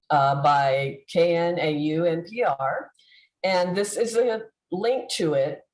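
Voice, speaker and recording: A woman giving a heartfelt tribute over a video call, halting with fillers and restarts. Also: on the low side, roomy sound, rough recording. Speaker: convention presenter.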